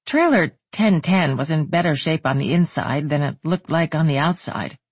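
An audiobook narrator reads with a steady, even storytelling pace. The voice is husky and breathy, with a mid-range pitch, recorded dry and close. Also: normal speed, no room sound.

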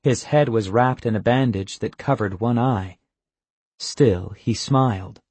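A man reading a novel aloud in the first person, calm and measured. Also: on the low side, husky, dry recording. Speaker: audiobook narrator. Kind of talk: first-person audiobook narration.

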